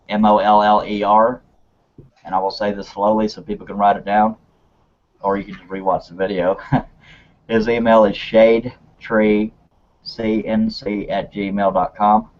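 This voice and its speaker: A man's voice: fairly low pitch, lo-fi sound. A man hosting a live online hangout, chatty and rambling, laughing often. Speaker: host.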